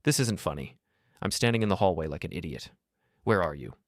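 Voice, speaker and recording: A man voicing an adult woman who is sharp, panicked and furious. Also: sits low, lively intonation, brisk, no echo, studio quality.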